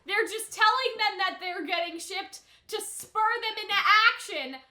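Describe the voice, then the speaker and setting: A woman's voice: extremely high pitch, moderate pace, roomy sound. A young woman YouTuber reacting to an anime episode, shrieking and gasping at the screen, then rambling casually with lots of "like". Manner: loud gasping outbursts while watching, then chatty rambling with many "like"s. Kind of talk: casual reaction and rant to camera.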